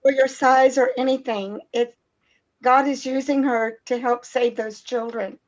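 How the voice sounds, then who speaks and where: A woman's voice: sits high, steady tone, measured pace. A woman speaking earnestly and reassuringly on a group video call. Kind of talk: casual group chat. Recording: dull, lo-fi video call audio.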